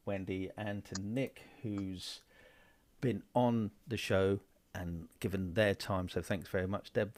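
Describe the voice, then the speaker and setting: Outspoken man, lowish voice. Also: a little mellow. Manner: chatty, outspoken, hesitant fillers. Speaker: station organiser. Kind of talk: casual fundraising appeal.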